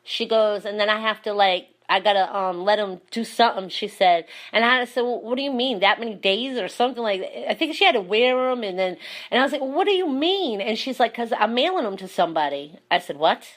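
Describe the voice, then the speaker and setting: A woman's voice: a little high, expressive, fairly quick. A woman hosting a casual chat, telling stories animatedly and laughing often. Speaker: host.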